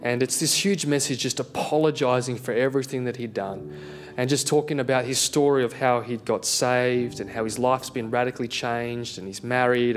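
A young adult man with a medium-pitched voice preaches a sermon, telling a personal story in an animated way and laughing at himself as he goes.

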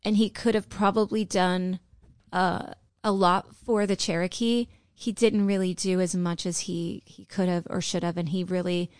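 A woman's voice: fairly low pitch, steady tone, normal speed, a little mellow, clear, resonant tone, no echo, clean studio sound. A middle-aged woman co-hosting a podcast, chatting and telling a history story. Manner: chatty, laughing, breaks into sung lines. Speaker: podcast co-host.

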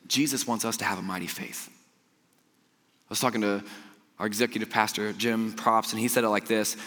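A man's voice: on the low side, fairly even intonation, normal speed, pauses often. Impassioned male preacher in a reverberant hall. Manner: impassioned, swinging from loud emphatic lines to hushed ones. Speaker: pastor. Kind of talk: sermon.

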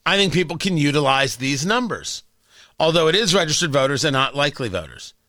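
A man's voice: on the high side, fairly quick, dry recording. A man hosting a talk radio show in an opinionated monologue, sarcastic and emphatic, on a close studio microphone. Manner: sarcastic, emphatic, animated delivery.

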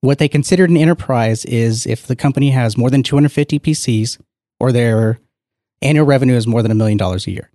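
Mellow-voiced man explaining tech casually. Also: mid-range voice, fast talker, dry recording, clean studio sound. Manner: explanatory, joking. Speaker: podcast co-host.

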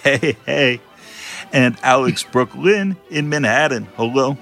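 A man's voice: medium pitch, slow, creaky, a bit bright, soft background music. A man hosting a podcast, chatting casually about politics in a blunt, wry way and cutting in when he has a point to make. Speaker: podcast host. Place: home in a city, remote recording.

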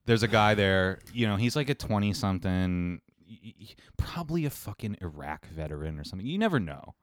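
Deep-voiced man, wry rambling talk. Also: animated, fairly quick, no room sound. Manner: rambling, wry, self-mocking. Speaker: podcast co-host. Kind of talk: casual chat. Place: New York.

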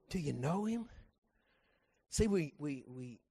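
A middle-aged man, a pastor telling a folksy story in his sermon and driving it to loud, emphatic peaks. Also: on the high side, expressive, takes it slowly, slightly rough.

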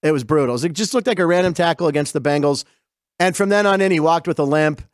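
Over game footage, a middle-aged western Pennsylvania man hosts a sports show, spinning chatty, rambling, excited stories. His voice is a bit high and quick, recorded cleanly in a studio with no echo.

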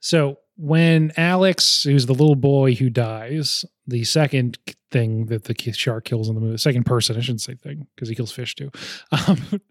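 A man's voice: medium pitch, moderate pace, no echo, studio quality. A young man in casual film talk with friends, rambling and often laughing as he goes.

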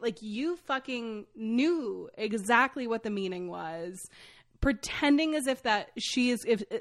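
A woman co-hosting a podcast in casual chat, candid and quick to laugh, swearing freely. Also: a little high, no echo, studio quality. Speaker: podcast co-host. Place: podcast recording setup.

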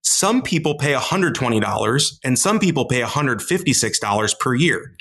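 A man's voice: medium pitch, animated, moderate pace, gravelly, a bit bright. Chatty man co-hosting a podcast. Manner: conversational storytelling, playful asides. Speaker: podcast co-host. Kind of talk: casual chat about personal finance.

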